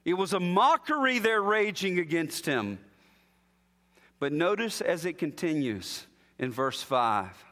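A man preaching an expository sermon, emphatic, dropping low and slow on key phrases. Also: big pitch swings, pushed and bright. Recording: long hall reverb.

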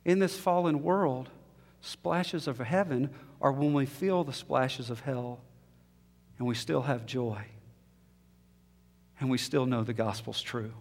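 A male preacher telling a story in a sermon, rising to impassioned peaks and then dropping to a soft hush. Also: medium pitch, slow pace, pauses often. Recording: long hall reverb.

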